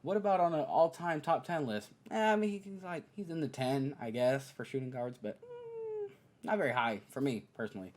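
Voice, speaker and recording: Animated young man ranting casually. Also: moderate pace. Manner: animated, mocks players in high exaggerated voices. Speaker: podcast host. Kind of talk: casual basketball opinion monologue.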